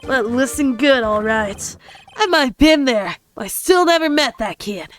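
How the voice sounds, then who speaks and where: A woman's voice: high-pitched, lively intonation, moderate pace, soft background music. A woman voicing a bullying male mobster lobster in a put-on Brooklyn accent that slips southern, with blustering tough-guy slang. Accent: put-on Brooklyn, drifting southern. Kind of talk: voicing game text in a playthrough.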